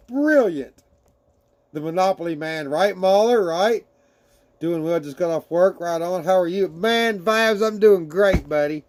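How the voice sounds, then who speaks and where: A man with a high-pitched voice talks at normal speed, casually chatting with his livestream viewers and reading their messages aloud. He laughs often and swears freely.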